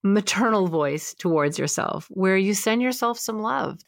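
A woman co-hosting a podcast, talking in a reassuring, animated way about feelings and often acting out the voices she quotes. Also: lowish voice, dry recording, studio quality. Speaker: podcast co-host. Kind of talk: casual podcast chat.

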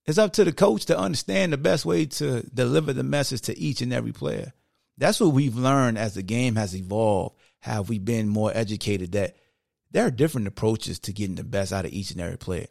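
A man hosts a sports podcast in an unscripted, casual monologue, drawling emphatic points with plenty of "like" and "y'all." His voice has a gravelly edge. He's recorded up close in a dead, dry room. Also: mid-range voice, animated, normal speed, darkish tone, dry recording. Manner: conversational, emphatic, heavy use of "like" and "y'all".

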